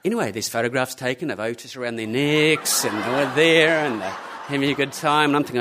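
Male storyteller, live to a crowd, middle pitch, animated, plays out every character. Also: fast. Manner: animated, acts out the people in his story.

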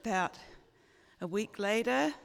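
A woman in her sixties from Australia tells a personal story at an unhurried pace, her voice slightly gravelly. She talks in a chatty, self-mocking way, with lots of fillers. Her voice rings out with a long reverb, as if in a hall. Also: mid-range voice, lively intonation.

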